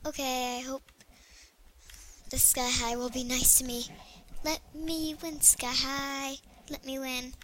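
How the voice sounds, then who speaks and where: A young female gaming video creator chatting excitably to herself while she plays. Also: sits high, slow, a little hiss or hum. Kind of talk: casual gameplay commentary.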